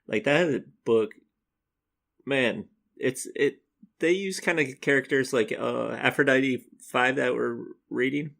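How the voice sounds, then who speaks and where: A man with a gravelly edge to his voice, chatting casually as a podcast co-host. He rambles along in an upbeat way and laughs easily, at a middle pitch. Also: slow, fairly bright tone. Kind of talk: casual chat.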